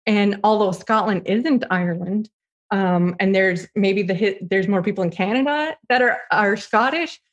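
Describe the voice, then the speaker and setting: A woman's voice: mid-range voice, normal speed, highs cut off. Earnest woman in her late thirties. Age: late 30s. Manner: earnest, with frequent restarts. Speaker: political guest. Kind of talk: casual political interview.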